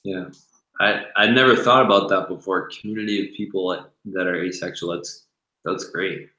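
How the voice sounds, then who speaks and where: A man's voice: sits low, moderate pace, sharp tone. A man hosting a casual chat over a video call, enthusiastic and informal. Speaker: YouTube host. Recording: echoey room.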